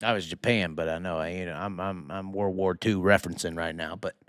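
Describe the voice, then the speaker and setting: A man's voice: low voice, steady tone, a little fast, fairly bright tone, clean tone, no echo, studio quality. A man hosting a live talk show, ranting heatedly with constant swearing and rhetorical questions. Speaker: host. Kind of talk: profane live-stream rant.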